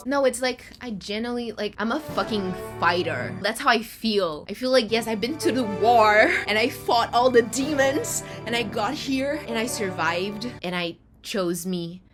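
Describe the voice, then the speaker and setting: A woman's voice: fairly high pitch, moderate pace, hardly any pauses. A young woman talking candidly and expressively in a personal vlog, swearing casually. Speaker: vlogger. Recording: music playing underneath.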